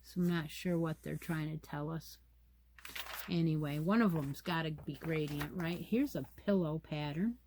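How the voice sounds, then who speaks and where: A woman's voice: low-pitched, normal speed, darkish tone, a little hiss or hum. A woman hosting a casual yarn chat, reading pattern details aloud and musing to herself as she goes. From United States. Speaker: crochet channel host.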